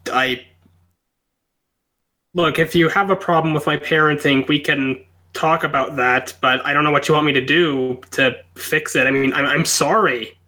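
A young man in his twenties calls in and takes his father's part, answering in a halting, hesitant way with many restarts. His voice sits a bit high and sounds bright and forceful. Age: 20s. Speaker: caller role-playing his father.

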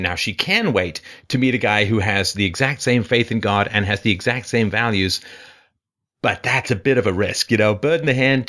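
Here a man runs a call-in advice show, pressing his points with rhetorical questions. His pitch moves about in a lively, emphatic way.

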